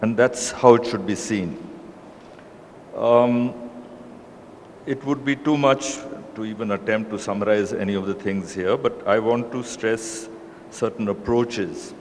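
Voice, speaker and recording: A man with an Indian accent, a panelist giving remarks in a deliberate, emphatic way with frequent hesitations, speaking into a microphone in a large hall. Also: fairly low pitch, steady tone, a little mellow. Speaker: panelist discussing a book. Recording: reverberant hall, faint ambient noise.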